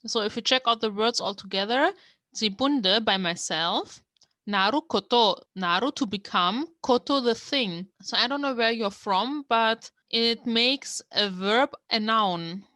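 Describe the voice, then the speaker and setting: A woman's voice: on the high side, measured pace, sharp tone, dry recording, studio quality. Woman explaining word by word. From Germany. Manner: explains word by word, thinking aloud. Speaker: language learner teaching from a manga. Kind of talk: casual step-by-step language lesson.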